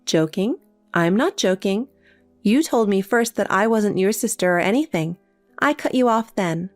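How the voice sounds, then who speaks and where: A synthetic woman's voice playing a calm, cold younger sister in a text story, with faint music behind. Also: mid-range voice, normal speed, dry recording, lightly acted. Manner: cold, matter-of-fact.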